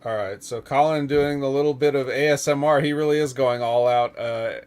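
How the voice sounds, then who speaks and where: A man's voice: medium pitch, steady tone, moderate pace, darkish tone, clear, resonant tone. A man hosting a casual wrestling talk show, rambling through opinions, laughing and swearing freely. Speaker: podcast host.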